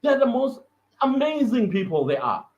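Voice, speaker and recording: South African male podcaster, solo rant, high animated voice, emphatic, slightly muffled audio. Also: moderate pace. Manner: earnest, emphatic, repeats words for stress. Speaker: podcast host.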